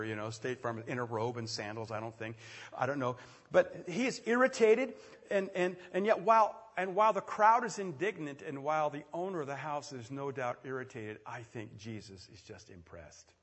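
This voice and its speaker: A man preaching a sermon, telling the story with quick asides and sudden loud swells. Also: medium pitch, breathy edge. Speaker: pastor. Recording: echoey hall with long reverb.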